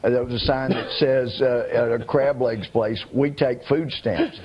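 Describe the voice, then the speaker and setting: A man commenting on a cable news panel, indignant and a bit halting. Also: mid-range voice, fairly even intonation, muffled recording.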